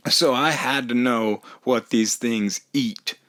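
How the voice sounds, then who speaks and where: A man telling a comedic personal story in an animated, self-mocking way, laughing often. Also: mid-range voice, takes it slowly. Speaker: storyteller vlogger.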